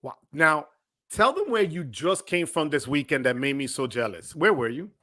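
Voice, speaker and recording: High, bright-voiced male livestream host. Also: animated, normal speed, dry recording, clean studio sound. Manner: hypes up viewers with shout-outs. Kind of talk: energetic livestream chat. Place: home studio.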